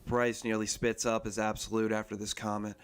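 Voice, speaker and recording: Man reading a novel aloud, steady. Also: fairly low pitch, brisk, clean tone. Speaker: reader.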